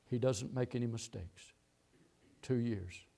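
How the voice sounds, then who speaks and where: Gravelly and warm, this middle-aged pastor's mid-range voice unfolds a little slowly. He preaches a sermon through a long story, coming back to key phrases again and again.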